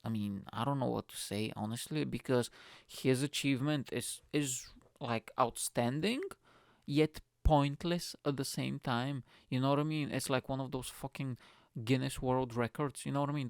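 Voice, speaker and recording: Brief: profane, animated comic host with a Scouse-tinged accent, raspy fry in the voice, close and dry. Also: male voice, medium pitch, no echo. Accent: foreign accent with a Scouse twang. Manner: animated, profane, laughing often. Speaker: podcast host, comedian. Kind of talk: casual comic monologue.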